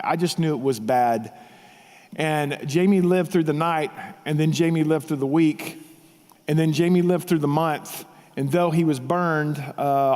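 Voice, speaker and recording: A man gives an emphatic, animated tribute in a large hall, repeating himself and shouting out quoted lines. His voice sits a bit high for a man. A long reverb trails after every phrase. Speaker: pastor giving a tribute speech. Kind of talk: heartfelt storytelling speech.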